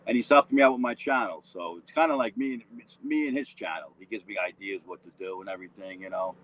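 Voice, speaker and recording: A man's voice: low-pitched, quick pace, highs cut off. A man rambling through a casual livestream chat, often tagging on "you know what I mean".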